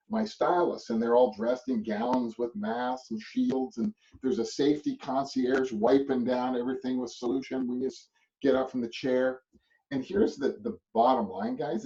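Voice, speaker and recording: A man giving a motivational real estate business talk, animated and storytelling, with lots of restarts and tag questions. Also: mid-range voice, recorded from a distance. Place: a web call. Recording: muffled audio from off mic.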